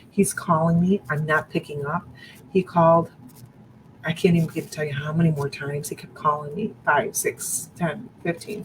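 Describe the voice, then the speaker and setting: A woman with a low, deep-set voice shares her own story on a broadcast. She speaks earnestly and candidly, often breaking off and restarting her sentences. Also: slight background noise, low-quality recording. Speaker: survivor sharing her story.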